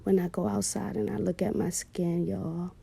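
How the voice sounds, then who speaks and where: A woman's voice: mid-range voice, little pitch movement, moderate pace, creaky, mellow, breathy edge, no room sound. A woman, heartfelt and emotional, telling viewers a personal story about her daughter and calling them "y'all".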